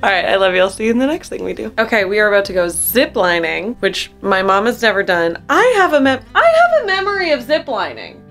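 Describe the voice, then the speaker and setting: A woman's voice: medium pitch, lively intonation, fast, gravelly, few pauses, a bit bright, faint music behind. A young woman with a bubbly, giggly, chatty manner, talking casually to a handheld camera for her travel vlog. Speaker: vlogger.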